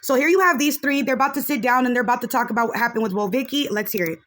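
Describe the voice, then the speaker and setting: A woman's voice: fairly high pitch, racing, fairly bright tone. A woman hosting a podcast, giving frank, chatty reaction commentary on a video and dropping in a few Spanish phrases.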